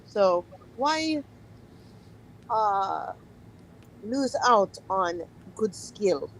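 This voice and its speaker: A woman's voice: mid-range voice, big pitch swings, very slow, a bit bright, a little hiss or hum, poor audio. A woman playing a tabletop game, asking questions and speaking in character to persuade. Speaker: player. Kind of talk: casual tabletop play.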